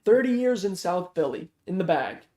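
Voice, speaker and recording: A man's voice: on the high side, lively intonation, measured pace, warm tone. Man doing a 70-year-old Philadelphia guard, ex-patrol cop, blunt and teasing, storybook reading, echoey. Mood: gruff teasing. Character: gruff seventy-year-old male ex-cop security guard. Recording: roomy echo.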